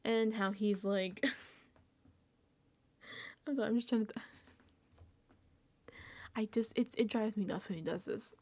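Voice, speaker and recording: A young woman recapping a reality show in casual reaction commentary, animated and laughing with exasperated asides. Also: mid-range voice, measured pace, pauses often.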